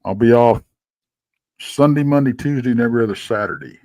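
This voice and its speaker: It's late and he's yawning: a tired regular on a live show chats casually, spinning rambling stories full of restarts. His mid-range voice is fairly quick and a little mellow, in a dry recording.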